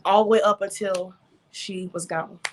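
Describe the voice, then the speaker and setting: A woman's voice: mid-range voice, fairly even intonation, normal speed, slight background noise. A woman who owns a beauty studio, talking casually in an interview, with frequent fillers. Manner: chatty, frequent fillers, laughs easily. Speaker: beauty studio owner, guest.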